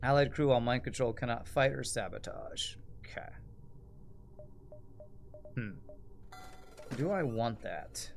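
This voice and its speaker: Guy rambling thru his game stream, laughs a lot, average pitch, some quiet music underneath. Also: measured pace, creaky, pauses often. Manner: rambling, chatty, laughs often. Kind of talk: casual gameplay commentary.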